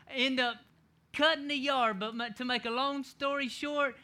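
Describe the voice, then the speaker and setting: Middle-aged man, pastor, animated sermon storyteller with a high, bright voice. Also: normal speed. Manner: animated, laughing storyteller who shouts quoted lines.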